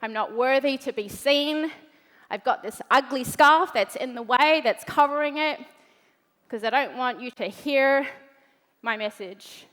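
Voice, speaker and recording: Brash high-voiced New woman onstage. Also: a little slow, fairly bright tone. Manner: brash, swearing, punchy. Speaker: motivational speaker. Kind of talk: stage keynote talk. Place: large event hall stage. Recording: reverberant large hall.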